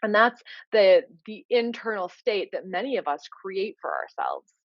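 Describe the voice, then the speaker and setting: A woman's voice: medium pitch, wildly swooping pitch, moderate pace, dry recording, muffled recording. A woman coach giving an informal lecture, earnest and explanatory, often filling with "you know". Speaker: leadership coach.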